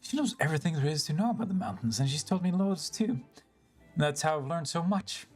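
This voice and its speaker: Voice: medium pitch, expressive, a little fast, darkish tone, faint music behind. A game streamer chatting casually while playing, self-mocking and rambling, swearing now and then, and breaking into laughter often. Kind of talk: casual live-stream commentary over gameplay.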